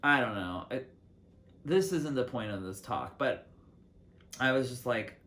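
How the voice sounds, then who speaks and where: A young man hosting his own solo talk show, rambling casually to the camera from his city apartment with lots of fillers and restarts. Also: unhurried. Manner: chatty, lots of "like" and restarts, lively swings in pitch and loudness. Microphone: camera mic.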